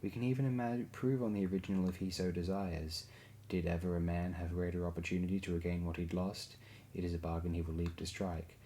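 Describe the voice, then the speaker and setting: A spiteful, scheming dwarf, read by a man in an audiobook, lecturing in a wheedling way. The voice sits very low and barely moves in pitch. A faint hiss runs under the recording. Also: little pitch movement, brisk, dark tone, natural voice. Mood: persuasive.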